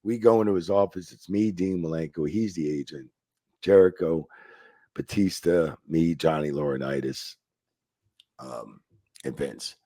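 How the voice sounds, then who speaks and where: A man who is a former wrestling referee, telling profane, animated backstage stories in a casual interview and acting out the quotes. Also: rumbling low, unhurried, no echo. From New Jersey.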